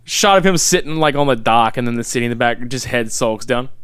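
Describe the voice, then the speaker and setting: A man co-hosting a podcast, chatting casually about a movie in an animated, profane way and laughing often. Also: mid-range voice, moderate pace, clean tone, dry recording. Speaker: podcast co-host.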